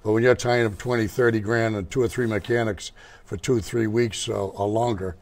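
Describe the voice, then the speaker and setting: A man's voice: lowish voice, steady tone, moderate pace, a little mellow. An older man who owns a motorcycle shop, telling rambling, digressive stories as a guest in an interview. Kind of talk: casual storytelling interview.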